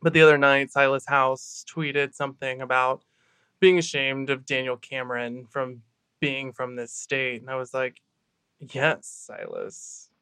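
A man co-hosts a casual podcast chat, speaking with a bright, crisp, smooth tone. He talks candidly and gets fired up. The sound is dry and close. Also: mid-range voice, flat delivery, moderate pace, no echo. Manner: candid, tired, fired-up about activism. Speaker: podcast co-host.

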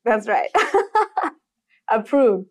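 Animated young woman guest from Mexico. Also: on the high side, extremely slow. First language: Spanish. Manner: animated, acts out quotes, filler "like". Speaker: interview guest, designer. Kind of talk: casual storytelling in conversation.

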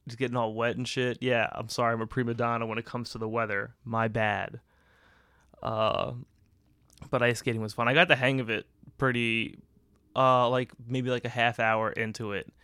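A man's voice: medium pitch, little pitch movement, normal speed, pushed and bright, clean tone, no echo. A man in a mid-range voice talking through a loose solo podcast monologue. He rambles, swears freely and laughs a lot along the way. The sound is dry and close, with no room around it. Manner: rambling, profane, laughs often. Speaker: podcast host.

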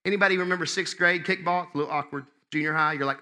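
Pastor guy preaching, high bright voice, gets loud then goes real quiet. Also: fairly even intonation, rapid-fire, few pauses. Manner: impassioned, conversational, swings between loud and hushed. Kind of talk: sermon.

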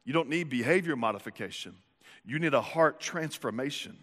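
Man, pastor preaching, animated, jokey, bright voice, long hall echo. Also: mid-range voice, brisk. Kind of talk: sermon. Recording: echoey hall reverb.

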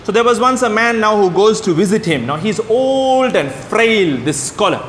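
A man delivers a sermon in a high, animated voice that climbs and falls as he tells stories and briefly acts out the people in them. He sounds far-off in a roomy hall with a long, ringing echo. A faint rumble sits under the recording. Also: moderate pace. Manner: animated storytelling, voices the characters in anecdotes. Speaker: preacher.

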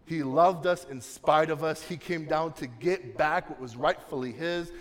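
A young man preaching a sermon, swinging from soft, low passages to loud, emphatic ones. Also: measured pace. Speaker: pastor. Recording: long reverb of a large hall.

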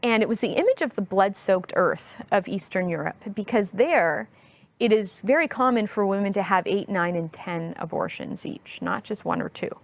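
A woman's voice: mid-range voice, expressive, creaky. Earnest woman telling a heartfelt story. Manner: earnest, heartfelt, slow and deliberate. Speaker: guest speaker. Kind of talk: personal storytelling in an interview.

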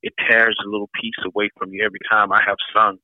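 Fast and level in tone, a fairly low-pitched older man answers as an interview guest, thoughtful yet forceful, driving points home with piled-up, repeated lists. There's no echo; the audio is dry and tinny, phone-like.

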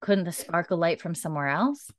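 A woman's voice: animated, no echo, clean studio sound, lightly acted. A woman reading as a grave warrior. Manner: grave, measured, lowered voice. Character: stern Scottish Highland warrior man.

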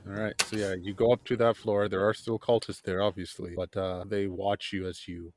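A man's voice: on the low side, flat delivery, a little fast, background noise. A man narrating a tabletop game as game master, rambling with lots of ums and uhs. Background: background music.

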